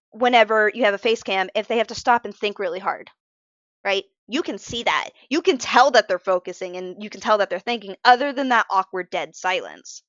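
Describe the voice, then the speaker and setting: Here a sleep-deprived woman chats on a live stream as she draws, her medium-pitched voice fairly bright in a recording with no echo and clipped highs. She tends to ramble, breaks into her own sentences, and is open about feeling emotional.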